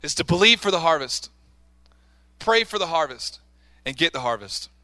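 A male preacher with a high, very bright voice delivers a sermon. He is emphatic and punchy, throwing out questions and answering them himself. His tone has a sharp, forceful edge. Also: very animated, moderate pace. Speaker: pastor.

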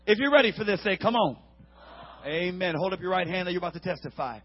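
A preacher man delivers a lively sermon with a high, husky voice. He dramatizes the scripture with big shouts and sudden quiet asides, and the recording sounds dull and lo-fi. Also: fast. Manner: dramatic, acts out Bible characters, swings from shouts to hushed tones.

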